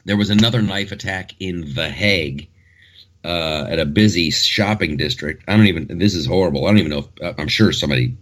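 A man's voice: low-pitched, brisk, fairly bright tone. A man hosting a podcast in casual chat, rambling and joking as he talks through the news. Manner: rambling, joking, many restarts. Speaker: podcast host.

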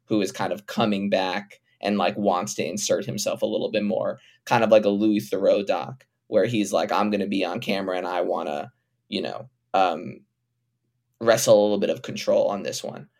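Male guest comedian, casual filler-heavy talk, low creaky voice. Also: fairly even intonation, a little mellow. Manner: talks fast with many fillers, laid-back. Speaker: comedian and film director, guest. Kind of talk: casual interview.

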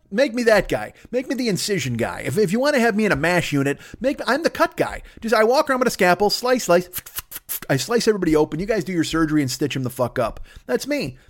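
A man hosting a solo comedy podcast from his desk at home, rambling, swearing constantly and running himself down. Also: a little high. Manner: profane, rambling, self-deprecating. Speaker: podcast host.

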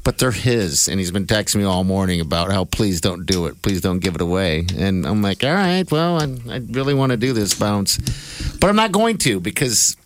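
A man's voice: lowish voice, big pitch swings, moderate pace, slight background noise. A man hosting a morning radio show, chatty and teasing, laughing often. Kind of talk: casual radio banter.

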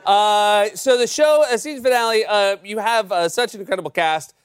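A man's voice: sits high, normal speed, smooth. A man hosting a talk show, asking easygoing questions with frequent fillers.

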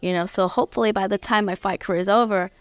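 Woman in her thirties, interview guest, smooth clear voice, dry close sound, earnest and reflective. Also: mid-range voice, steady tone, fast, dry recording. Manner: earnest, reflective, many restarts. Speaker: guest, professional fighter. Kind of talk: conversational interview. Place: convention interview.

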